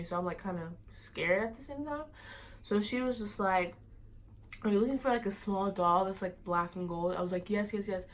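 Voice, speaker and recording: A teenage girl tells a personal story in a casual vlog. She rambles and leans on fillers, at a middling pitch. A faint background noise runs under her voice. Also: a bit bright, poor audio. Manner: rambling, many fillers like "like" and "you know". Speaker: vlogger.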